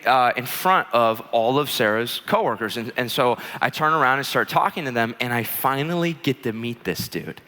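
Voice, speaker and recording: A man preaching a sermon, telling a story in an animated, chatty way with many fillers. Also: medium pitch. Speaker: pastor. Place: church auditorium. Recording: long church hall reverb.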